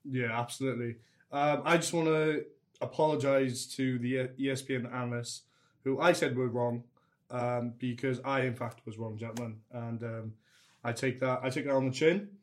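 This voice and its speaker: A man's voice: mid-range voice, fairly even intonation, normal speed. A man co-hosting a casual sports podcast, jokey and fond of puns. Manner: jokey, punning, mock-dramatic about lost bets. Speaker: podcast co-host.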